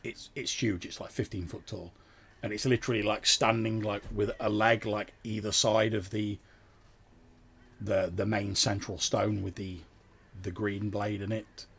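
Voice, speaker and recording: A male game master narrates a tabletop game in a low, gravelly voice with a husky, slightly rough edge. He describes the scene loosely, with frequent fillers and restarts. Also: level tone, unhurried, fairly bright tone.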